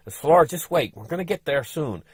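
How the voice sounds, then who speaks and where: A man's voice: a little high, lively intonation, fast talker, a little mellow, slightly rough, dry recording. A man who is a travel vlogger, telling a story in a casual, folksy, rambling way with restarts and asides to the viewers.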